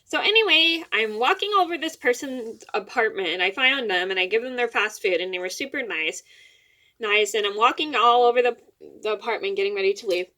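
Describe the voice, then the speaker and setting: Rambling young woman with bright voice. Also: a little high. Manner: rambling, repeats words, quick apologies. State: a little teary-eyed. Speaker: vlogger. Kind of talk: casual storytelling to camera.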